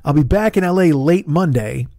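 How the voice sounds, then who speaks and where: A middle-aged man hosting his podcast alone, with a hoarse, tired throat, rambling casually with profane, self-deprecating asides. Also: fairly high pitch, lively intonation, normal speed, mellow, no room sound, studio quality. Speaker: podcast host. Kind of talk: casual solo podcast chat. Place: home studio in Los Angeles.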